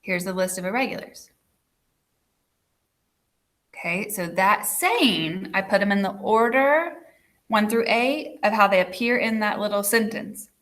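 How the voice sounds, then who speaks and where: A woman's voice: medium pitch, measured pace, pauses often, fairly bright tone. A woman teacher giving a recorded video lesson, chatty and checking in with her students with frequent "okay"s.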